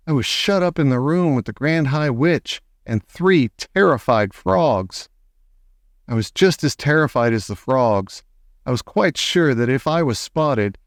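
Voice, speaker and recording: A man's voice: medium pitch, no room sound. Male audiobook reader, dry close sound. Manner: measured, expressive reading. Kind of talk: storybook narration.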